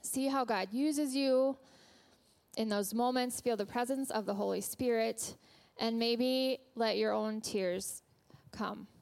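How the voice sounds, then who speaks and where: A woman preaching in a church with an earnest, gentle storytelling manner. Her voice sits a little high, and she speaks slowly and deliberately, lingering over each phrase. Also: fairly even intonation, creaky. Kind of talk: sermon.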